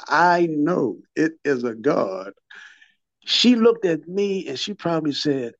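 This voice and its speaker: A man's voice: a little high, expressive, takes it slowly, no echo, muffled recording. A man in his fifties or older, telling his recovery story in an interview, a vivid storyteller who repeats and restarts his words and acts out what people said.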